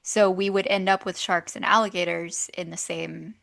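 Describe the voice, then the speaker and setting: A woman's voice: on the low side, fairly even intonation, normal speed, gravelly, a bit bright, no echo, studio quality. Woman co-host chiming in with questions. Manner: chimes in with questions and asides. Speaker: podcast co-host. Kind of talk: casual chat.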